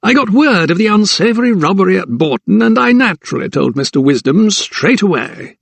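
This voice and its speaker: A man's voice: high-pitched, lively intonation, brisk, vocal fry, dry recording, pitched above the performer's own voice, heavily acted. A man voicing a smug, sly older magistrate in an audiobook, with a drawling, self-satisfied manner. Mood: smug, mocking. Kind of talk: audiobook character voice.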